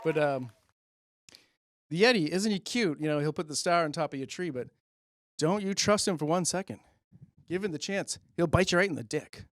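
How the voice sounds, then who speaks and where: Rambling New comedian, a bit high. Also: male voice, expressive, normal speed, fairly bright tone, slight background noise. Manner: rambling, self-amused, chuckling asides. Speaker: comedian host. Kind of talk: stand-up comedy monologue. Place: public-access studio. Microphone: handheld mic.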